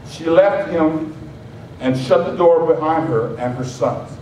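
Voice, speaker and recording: A male pastor with a high-pitched voice preaches loosely and playfully, acting out little scenes as he goes. He sounds a good distance from the microphone in a church sanctuary with heavy echo and a faint hiss underneath. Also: unhurried, darkish tone. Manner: conversational and joking, acts out scenes. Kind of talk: sermon. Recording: very echoey hall, mic far off, faint hiss.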